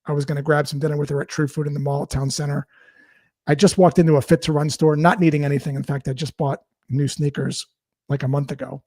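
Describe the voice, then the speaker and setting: A man with a fairly high voice, speaking as a guest in an interview. He explains sales ideas in a relaxed way through stories and acted-out dialogue. The sound is dry, with almost no room echo. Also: quick pace. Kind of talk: conversational interview storytelling.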